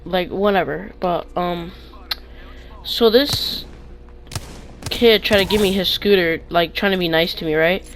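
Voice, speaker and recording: A young man casually telling storytime tales into a clip-on mic, rambling with restarts and getting loud when excited. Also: high-pitched, poor audio. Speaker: vlogger.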